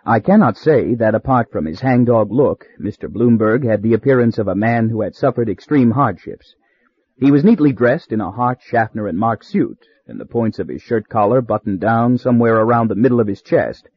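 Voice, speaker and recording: A man narrating a story in a measured, wry way, with a husky voice. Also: mid-range voice. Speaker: audiobook narrator. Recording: slightly dull dry recording.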